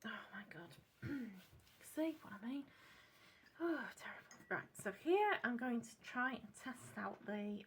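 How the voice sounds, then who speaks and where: A woman with a British accent chatting at her home craft desk while she tests paints. She rambles, corrects herself and drops into soft asides. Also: a little high, a little hiss or hum. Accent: British English. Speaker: craft channel host testing paints. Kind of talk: casual craft demonstration chat. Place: home craft desk lit by a clip-on lamp.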